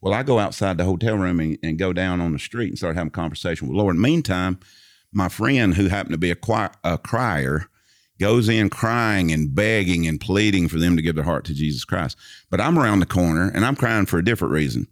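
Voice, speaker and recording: A man's voice: low voice, lively intonation, a little fast, dry recording, studio quality. A man telling a personal story in casual conversation. He is a vivid storyteller who recites long passages from memory.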